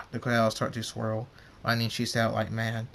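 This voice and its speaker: A man's voice: lowish voice, vocal fry, a bit bright. A man reading his pony fan story aloud as narrator, in a plain way with some stumbles over words.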